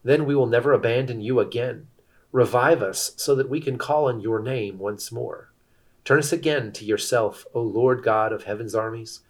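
Guy reading bible passages aloud, steady measured pace, average pitch. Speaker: scripture reader. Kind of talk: scripted narration.

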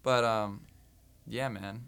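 Smooth-voiced guy hosting, jokey and excitable, kinda low pitch. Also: slow pace. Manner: excitable, jokey, says dude and man. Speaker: host; singer. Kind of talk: casual chat.

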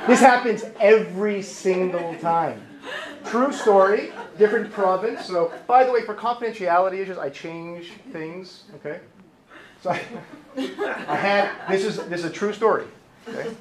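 Male therapist presenting, lively and funny, high animated voice, echoey hall, faint noise. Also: moderate pace, a crowd in the background. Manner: lively and joking, acts out voices. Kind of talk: humorous conference talk. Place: conference hall.

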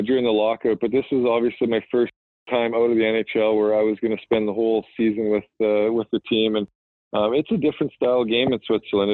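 A medium-pitched man in his thirties, a hockey player from Manitoba, Canada, is interviewed casually by phone. He's relaxed and rambling, constantly using fillers and restarting sentences, and the recording is a dry, tinny phone line.

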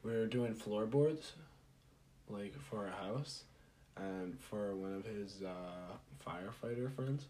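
A man's voice: fairly low pitch, slow pace, a little mellow. A young man co-hosting a casual podcast, rambling with lots of fillers and restarts. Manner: rambling, hesitant, full of fillers. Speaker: podcast co-host. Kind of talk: casual chat.

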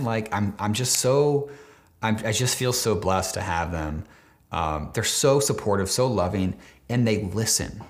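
A man of twenty-nine talking casually and emotionally to camera, rambling with many fillers and restarts, swearing now and then, choked up at times. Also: lowish voice. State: near tears, choked up at times. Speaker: vlogger. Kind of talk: casual heartfelt talk to camera.

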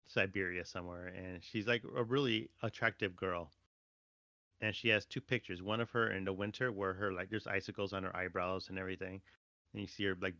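A man's voice: deep voice, sharp tone, dry recording. A young man co-hosting a podcast, teasing his friend and laughing through casual stories. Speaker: podcast co-host. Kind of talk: casual chat. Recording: dull lo-fi dry sound.

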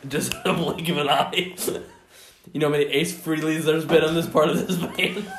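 A man's voice: on the high side, fairly even intonation, a bit bright, slight background noise. Joking man in an echoey room. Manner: joking, chimes in with quick punchlines. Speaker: podcast guest. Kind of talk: casual chat.

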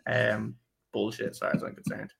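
Sweary laughing lad. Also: male voice, on the low side, monotone, moderate pace, vocal fry, fairly bright tone. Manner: sweary, laughing, rambling storyteller. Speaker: podcast host. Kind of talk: casual football podcast chat.

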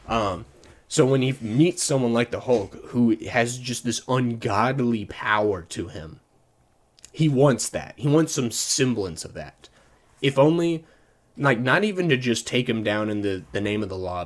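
A man with a somewhat low voice talks into a desk mic as the host of a solo movie review podcast. He rambles casually, restarts his sentences and chuckles often as he goes. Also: normal speed.

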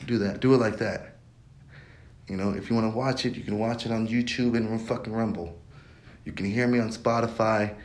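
Rambling, profane young man. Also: mid-range voice. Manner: rambling, profane, repeats himself. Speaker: podcast host. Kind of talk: casual monologue.

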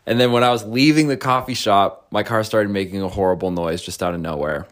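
A young man with a fairly low voice tells a story on a casual podcast. He sounds laid-back, laughs easily and acts out the voices of the people in his story. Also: a little fast. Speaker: podcast co-host.

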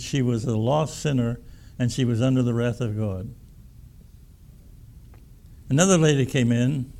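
A man's voice: medium pitch, vocal fry, darkish tone. A pastor preaching a sermon in a folksy, emphatic way, often repeating his words.

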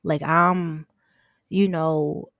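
A young woman hosts a casual faith podcast in a lowish voice, earnest and open as she confesses her thoughts. She circles back over her words as she talks. The sound is close and dry. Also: fairly even intonation, very slow, a bit bright, dry recording. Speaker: podcast host.

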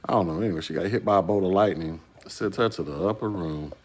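Deep-voiced male YouTube host, casual chat, rhetorical and conversational. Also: quick pace, husky. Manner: conversational, rhetorical questions to a commenter. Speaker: YouTube commentator.

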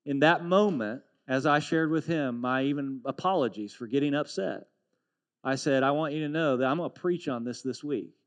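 A man's voice: medium pitch, moderate pace. Earnest storytelling preacher man. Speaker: pastor. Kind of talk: sermon.

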